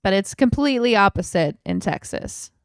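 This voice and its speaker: A woman's voice: mid-range voice, big pitch swings, normal speed, clear, resonant tone, no echo, clean studio sound. A woman co-hosting a podcast, chatting casually, laughing often and trailing off into fillers. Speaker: podcast co-host.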